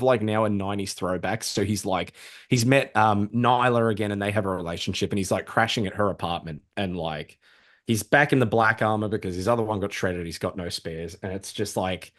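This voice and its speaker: A man co-hosting a podcast, chatting casually about comic books in an excitable, rambling way and swearing freely. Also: lowish voice, brisk. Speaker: podcast co-host. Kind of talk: casual comic book chat.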